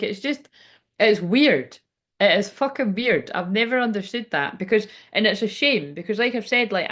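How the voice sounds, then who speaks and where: Rambling woman giving a tarot reading. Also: medium pitch. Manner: rambling, swears freely, digresses. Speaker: tarot reader.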